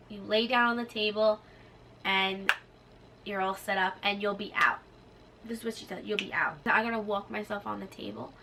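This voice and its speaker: A young woman telling a personal story to her vlog audience in casual chat, acting out what others said to her. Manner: animated, acts out nurses' lines in a higher voice. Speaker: vlogger. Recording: slightly distant mic with faint room noise.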